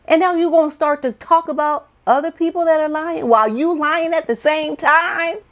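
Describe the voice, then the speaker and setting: A woman's voice: sits high, moderate pace. A woman giving an indignant, incredulous opinion commentary monologue full of rhetorical questions. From United States. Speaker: vlogger, commentator.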